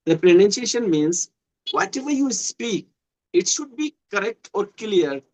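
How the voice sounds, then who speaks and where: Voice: mid-range voice, sing-song, unhurried, darkish tone, low-quality recording. A speaker with an Indian English accent explaining earnestly in casual conversation practice, repeating points. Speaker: conversation partner.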